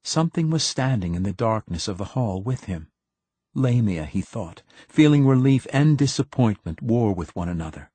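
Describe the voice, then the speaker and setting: A man narrating an audiobook with a measured, dramatic reading. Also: lowish voice, sing-song, mellow, slightly rough, dry recording. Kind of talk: scripted narration.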